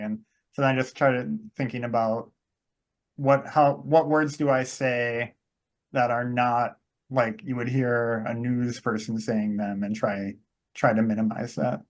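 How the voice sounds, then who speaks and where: A man of middling pitch with a Wisconsin accent, hosting a podcast in relaxed conversation. He thinks aloud, peppers his talk with "like" and rephrases himself mid-sentence. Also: unhurried. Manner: thoughtful, heavy use of "like", self-correcting. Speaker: podcast host. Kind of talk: casual chat.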